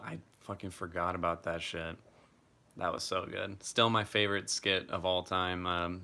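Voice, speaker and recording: A man's voice: sits low, little pitch movement, moderate pace, creaky, pushed and bright. A young man casually chatting on a live stream, reading out viewer comments and swearing freely.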